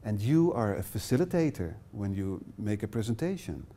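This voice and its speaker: A man's voice: on the low side, very animated, normal speed, mellow. Dutch-accented man leading a workshop. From Netherlands. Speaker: workshop trainer. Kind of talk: live workshop presentation. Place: small classroom.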